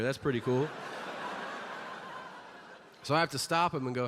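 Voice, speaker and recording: A male stand-up comedian telling a story on stage, acting out the people in it with sudden loud outbursts. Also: a little high, steady tone, moderate pace, pauses often. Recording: live hall with long reverb and audience noise.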